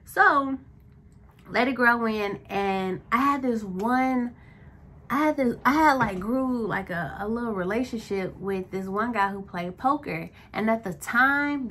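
A woman's voice: medium pitch, a bit bright, a little hiss or hum. A woman vlogger telling a casual storytime, rambling and chatty with lots of likes and self-corrections.

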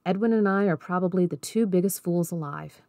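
A woman reading aloud as a steady, caring older man who asks calm, probing questions, in a storybook. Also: lowish voice, brisk, no echo, studio quality, close to an everyday voice.

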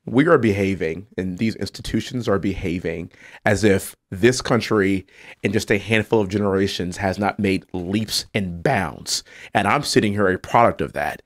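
A man's voice: low voice, moderate pace. A man, a congressman, speaking emphatically on a political talk show and building to indignant peaks. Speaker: congressman guest.

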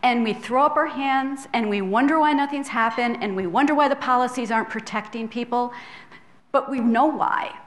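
A middle-aged woman speaks to a filmed audience in a lecture hall, her voice sitting somewhat high. She is earnest and conversational, often tossing in a quick "right?" to keep the listeners with her. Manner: earnest, conversational, with tag questions. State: tearful at times. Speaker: public health professor giving a talk. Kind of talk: public lecture.

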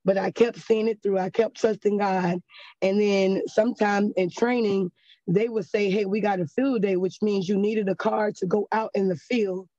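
A woman tells her testimony to a church group in an earnest, conversational way. Her tone is mellow and dark. The recording sounds dull and slightly lo-fi, with dry room sound. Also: medium pitch, fairly even intonation, normal speed, no room sound. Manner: earnest, conversational, checks in with "right?". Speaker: class member giving testimony. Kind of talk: personal testimony.

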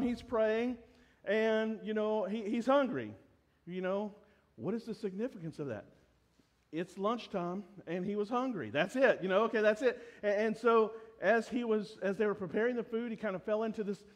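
A man preaching a sermon as pastor, lively, and acting out voices from the story. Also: high voice. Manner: animated, acts out voices in the story. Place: church sanctuary. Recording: long reverb of a church hall.

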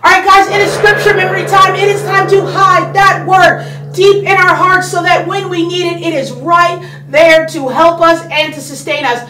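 A high-voiced woman leads a children's Bible lesson in an upbeat, conversational way, full of homey examples. She sounds a little away from the mic, and the room gives her voice a clear echo. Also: steady tone, normal speed, pushed and bright, far from the mic. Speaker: children's church host.

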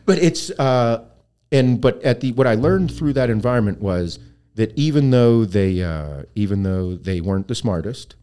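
A man's voice: mid-range voice, animated, moderate pace, mellow, clean tone. A man as a podcast guest, animatedly telling profane stories about his working past and laughing along. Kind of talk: casual storytelling interview.

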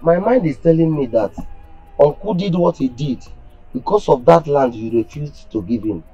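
A man's voice: a little high, lively intonation, normal speed, dark tone, faint music behind, natural voice. A young man playing a troubled, confused son. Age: young adult. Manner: troubled, subdued. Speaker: son, jobless graduate. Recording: echoey, dull film sound.

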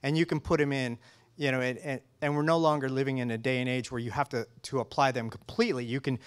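A man's voice: mid-range voice, steady tone, fast talker, clean tone. A man speaking as a color scientist guest in a casual technical interview, enthusiastic and full of restarts and fillers.

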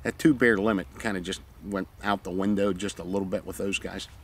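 Profane animated retired SEAL storyteller. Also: male voice, deep voice, fairly quick, husky. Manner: profane, animated, acts out the scenes. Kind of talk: casual anecdote telling.

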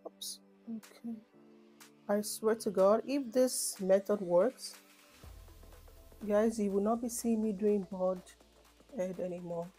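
A woman's voice: mid-range voice, slow, pauses often, breathy edge, faint music behind. A young woman from Nigeria with a Nigerian accent, chatting casually in a rambling get-to-know-me vlog. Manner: chatty, rambling, animated asides. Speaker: vlogger.

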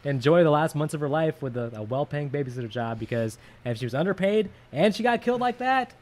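A man's voice: a little high, expressive, fast talker, darkish tone. A man co-hosting a casual movie podcast, chatty and jokey, often trailing off with fillers. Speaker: podcast co-host.

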